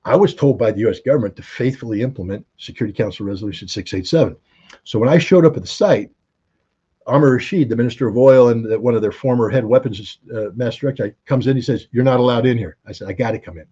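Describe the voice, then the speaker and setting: A husky, dark-toned middle-aged man from the United States, a former weapons inspector telling stories in an interview. He brings the anecdotes to life by voicing the other people in them. The audio is a little dull and lo-fi. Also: mid-range voice, fast. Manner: animated anecdotes, acting out quoted dialogue. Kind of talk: interview storytelling.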